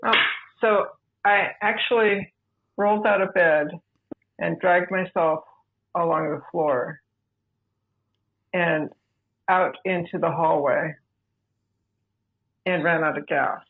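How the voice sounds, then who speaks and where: A woman, a podcast guest, telling her own story in a measured, deliberate way over a remote line. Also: lowish voice. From United States. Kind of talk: personal storytelling. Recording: tinny phone-like remote line.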